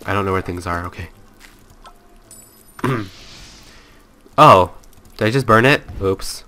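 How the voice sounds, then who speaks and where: A man's voice: low-pitched, slow, long pauses, pushed and bright, faint music behind. A young man hosting a let's play, playful and self-mocking as he talks to viewers at his computer. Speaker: gaming channel host.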